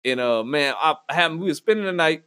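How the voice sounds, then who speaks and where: A man with a notably high voice for a man hosts a podcast, spinning crude comic stories. He talks in an animated way, swears freely and keeps breaking into laughter. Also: fast, clean tone. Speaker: podcast host. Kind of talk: crude comedic storytelling. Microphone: studio podcast mic.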